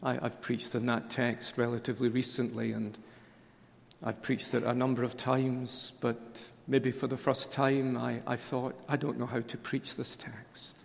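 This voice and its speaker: Male preacher, mid-pitched, deliberate and hushed on key words, heard in a reverberant hall. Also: flat delivery, vocal fry. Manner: slow, emphatic, dropping to hushed tones on key words. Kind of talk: sermon at a conference.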